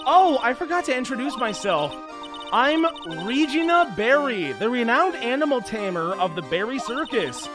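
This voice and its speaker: A man's voice: very high voice, big pitch swings, normal speed, music in the background, pitched above the performer's own voice. A man voicing a cheerful, carefree young female animal tamer in a video game.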